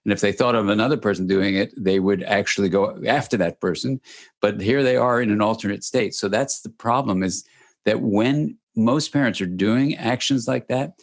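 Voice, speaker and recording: A man speaking as a guest expert in an interview, explaining in a measured, emphatic way. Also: lowish voice. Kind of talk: interview answers.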